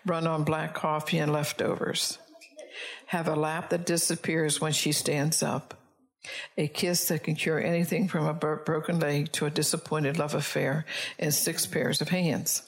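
A woman's voice: low voice, level tone, measured pace, gravelly. A woman voicing God as a patient male creator in a told story, in her own earnest preaching voice.

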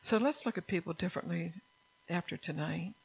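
Older woman with a gravelly low voice. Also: brisk, poor audio. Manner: earnest, conversational, repeats key phrases. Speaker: church speaker. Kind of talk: sermon mixed with personal testimony.

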